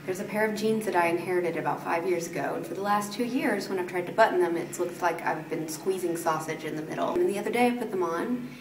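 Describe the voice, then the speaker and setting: A woman's voice: fairly low pitch, quick pace. A woman recording a casual video diary about her fitness progress, chatty and matter-of-fact. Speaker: fitness client. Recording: echoey room, distant mic, background noise.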